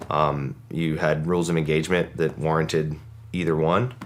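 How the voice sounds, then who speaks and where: Very deep-voiced man, measured recounting. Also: little pitch movement. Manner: measured, with frequent "uh" and "um". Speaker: interview guest, former special operator. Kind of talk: casual storytelling.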